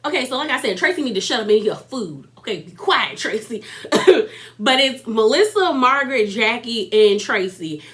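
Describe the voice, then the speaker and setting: A woman's voice: fairly high pitch, lively intonation, moderate pace, a bit bright. A woman recapping a reality TV episode in a sassy, chatty way, laughing often and throwing in mocking asides. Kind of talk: casual recap commentary.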